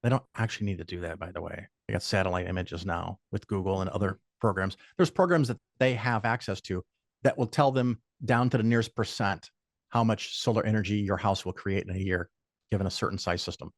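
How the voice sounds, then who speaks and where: An older man with a deep voice speaks fairly quickly as a podcast guest, in a dry, studio-quality recording. He tells stories in a casual, blunt and profane way, sounding opinionated as he lays out firm rules in conversation.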